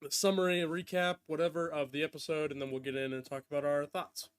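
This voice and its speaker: A man's voice: fairly high pitch, level tone, fast talker, clean tone. A man hosting a casual podcast, recapping a show with loose asides and frequent laughs. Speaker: podcast host. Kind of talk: casual chat.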